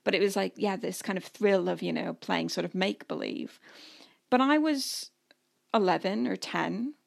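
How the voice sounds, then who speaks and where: Gravelly-voiced woman podcast host. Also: medium pitch, normal speed. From Canada. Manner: chatty and animated, often laughing. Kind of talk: casual storytelling chat.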